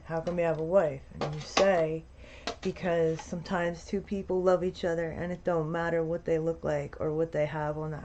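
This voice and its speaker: A woman's voice: deep voice, noisy background. A woman giving blunt, sarcastic reaction commentary on a streamer's video, swearing freely. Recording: dull lo-fi recording.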